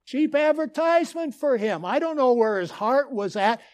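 A man's voice: extremely high pitch, lively intonation, normal speed, no room sound. A man from Minnesota preaching a sermon as a pastor, telling stories earnestly with dramatic emphasis. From Minnesota, USA.

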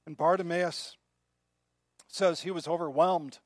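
Slow earnest male preacher. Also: on the high side, steady tone, no room sound, clean studio sound. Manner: earnest, drops to soft quiet tones when moved. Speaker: pastor. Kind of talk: sermon.

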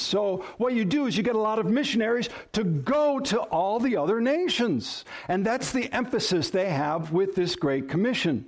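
A man preaching a sermon as pastor, emphatic, shifting his stress and pace to drive points home. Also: high voice.

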